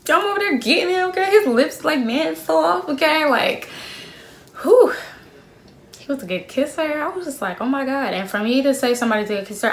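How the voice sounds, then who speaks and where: A young woman in her twenties telling a story to her phone camera in a casual, slangy, animated way, laughing often. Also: high voice, fairly quick, slight background noise. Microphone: phone camera at arm's length.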